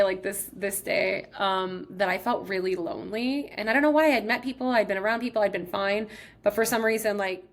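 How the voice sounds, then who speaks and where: Chatty woman from Texas telling a story. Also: medium pitch. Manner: chatty, heavy use of "like". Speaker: podcast host. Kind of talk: casual storytelling.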